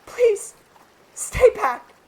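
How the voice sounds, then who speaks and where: A performer voicing a frail, ill young woman in a game dub, pleading in a high voice. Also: very slow. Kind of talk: dramatic video game voice-over reading.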